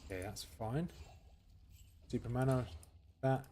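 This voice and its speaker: A man's voice: mid-range voice, a little slow, mellow, slight background noise. A man giving casual commentary as he plays a game, thinking aloud and answering viewers' questions. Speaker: gaming streamer.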